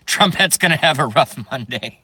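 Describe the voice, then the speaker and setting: A man's voice: a little high, animated, moderate pace, bright, forceful tone, slightly rough. A man ranting on a live stream to his chat, profane and rambling, breaking into nervous giggles. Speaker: YouTube streamer.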